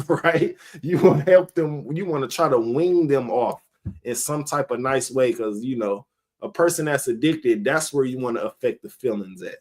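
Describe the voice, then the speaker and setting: Guy preaching real casual, rambles a lot, laughs between points, mid pitch. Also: lively intonation, normal speed, a little mellow. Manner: rambling, conversational, laughs often. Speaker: member of a street religious group.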